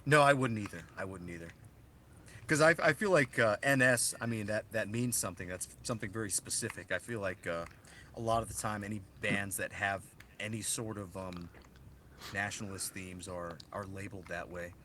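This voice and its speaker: A man's voice: lowish voice, moderate pace, pushed and bright, slight background noise. A young man co-hosting a podcast in casual chat, rambling and hedging with many restarts. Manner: rambling, hedging, self-interrupting. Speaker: podcast co-host.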